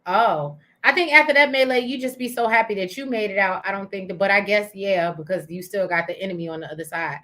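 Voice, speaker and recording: A chatty woman, co-hosting a casual TV recap. She thinks aloud with frequent "um"s. She talks over a video call at a middle pitch. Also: quick pace, few pauses, bright, forceful tone. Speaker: co-host of a TV recap show.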